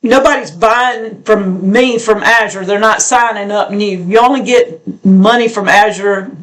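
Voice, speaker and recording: A woman co-hosting a homestead channel, rambling in a folksy way through viewer comments with halting restarts. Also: medium pitch. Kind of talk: casual porch chat reading viewer comments.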